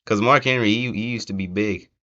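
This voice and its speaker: A young man talks through wrestling predictions in a rambling, halting way, full of fillers and restarts. His voice sits a little low but sounds bright and forward. The recording is dull and lo-fi, like a home setup. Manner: rambling, hesitant, many fillers. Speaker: wrestling channel host. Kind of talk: casual prediction chat.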